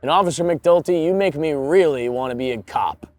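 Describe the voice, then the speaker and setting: A man putting on an overblown, drawn-out announcer voice, saluting someone in mock grandeur as a parody. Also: a little high, darkish tone, no echo, natural voice. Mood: mock-heroic.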